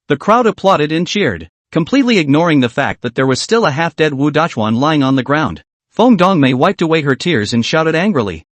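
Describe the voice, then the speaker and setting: A man narrating a story recap in the first person, scripted and brisk. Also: a little high, very animated, no echo.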